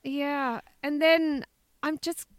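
A woman co-hosting a casual chat, telling stories in an animated way, swearing freely and laughing as she goes. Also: high voice, slow, no room sound, studio quality. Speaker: podcast co-host.

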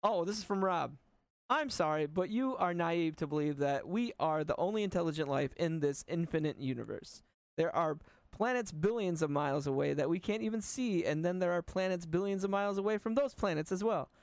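Gravelly-voiced man reading podcast polls. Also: on the high side, animated, brisk, no echo, studio quality. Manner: laid-back, swearing, reads poll results. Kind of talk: casual podcast chat.

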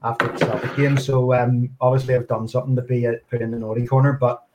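A man's voice: mid-range voice, little pitch movement, quick pace, background noise. A Northern Irish man chatting as a podcast guest, hesitant, with many fillers and restarts. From Northern Ireland. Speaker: guest, card designer. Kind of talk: casual chat.

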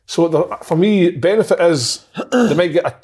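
Husky man in relaxed chat. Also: sits high, normal speed. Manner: relaxed, chatty, swearing. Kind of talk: casual chat.

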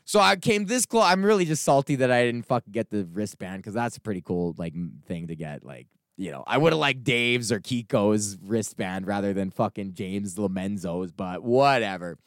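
A young man hosting his own podcast, ranting in a casual, profane, animated way and acting out the people in his stories. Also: fairly low pitch, normal speed, few pauses, dry recording, clean studio sound. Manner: profane, animated storytelling with acted-out quotes. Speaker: podcast host.

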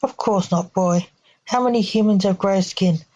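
A woman's voice: medium pitch, normal speed, dark tone, lo-fi sound, lightly acted. A woman voicing a blunt middle-aged father in her own plain reading voice.

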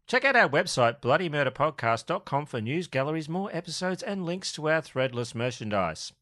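A man's voice: fairly high pitch, sing-song, brisk, bright, forceful tone, no room sound. A man co-hosting a podcast, bantering casually and telling crude, jokey stories. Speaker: podcast co-host.

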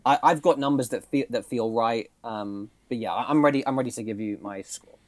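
Young podcast host, mid-pitched, lively storyteller who acts out quotes. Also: male voice, fairly quick. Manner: animated, laughing, swearing, acts out quoted lines. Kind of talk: casual chat, recounting a film plot.

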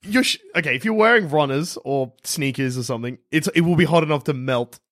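A man's voice: a little high, fairly quick, fairly bright tone. A man co-hosting a podcast, teasing and arguing in casual chat with frequent laughter. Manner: teasing, argumentative, laughs often. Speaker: podcast co-host.

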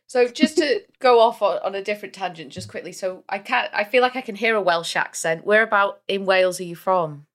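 A woman co-hosting a podcast, talking in a chatty, animated way with casual swearing. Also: mid-range voice, brisk, few pauses. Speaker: podcast co-host.

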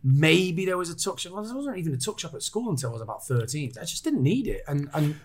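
A man in casual chat, an animated storyteller who acts out quoted voices. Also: on the high side, quick pace, slightly rough.

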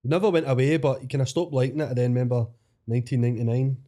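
A Glaswegian comedian in his mid-thirties chats as a podcast guest. His voice is dark and mellow, and he talks in an easygoing, agreeable way. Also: medium pitch, fairly even intonation, racing. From Scotland. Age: 30s. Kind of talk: casual chat.

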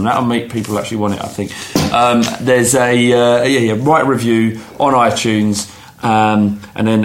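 A man hosting a podcast, chatting casually and running through the sign-off. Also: lowish voice. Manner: brisk, repeats himself when keen. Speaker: podcast host.

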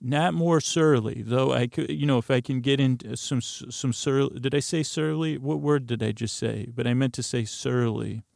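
A man's voice: mid-range voice, fairly even intonation, normal speed, few pauses, darkish tone, no room sound, clean studio sound. A man hosting a sleep podcast, talking in a meandering, self-correcting ramble full of fillers and drifting asides. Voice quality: creaky, gravelly. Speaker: podcast host. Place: closet. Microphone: close studio mic.

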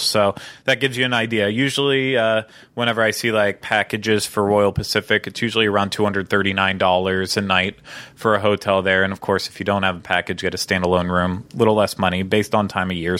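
A man's voice: on the low side, fairly bright tone, no echo. A young man hosting a casual podcast, chatty and enthusiastic with many fillers. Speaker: podcast host.

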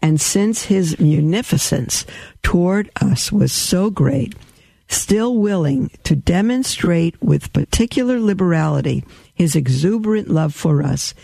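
A male radio host with a fairly high, gravelly voice reads a sacred text slowly and devoutly. His tone is dark and mellow, and he drops into casual asides to his listeners between passages. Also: expressive, dry recording. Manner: slow, devout reading broken by chatty asides to listeners. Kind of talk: reading a religious text aloud with asides.

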